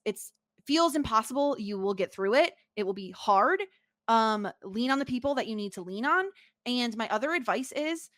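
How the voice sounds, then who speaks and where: A woman co-hosting a podcast, talking in a casual, halting way with lots of fillers. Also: on the high side, a bit bright, no room sound, clean studio sound. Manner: halting, filler-heavy, earnest. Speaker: podcast co-host. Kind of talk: casual chat.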